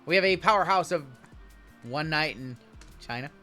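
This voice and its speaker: A man's voice: on the high side, animated, moderate pace, pushed and bright, faint music behind. A man hosting a live card break, chatting with viewers as he calls out cards and spots. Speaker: sports card break host.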